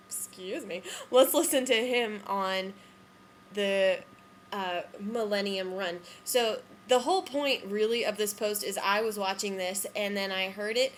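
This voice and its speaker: A woman's voice: medium pitch, measured pace, slight background noise. A woman giving casual commentary on musical theatre recordings, chatty and hedging, with frequent ums and self-corrections. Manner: unsure, hedging her opinions.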